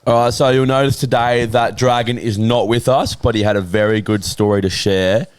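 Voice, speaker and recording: A young Australian man hosting a podcast, chatting in a relaxed, laid-back way. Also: medium pitch, normal speed, smooth, no room sound. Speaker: podcast host. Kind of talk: casual chat.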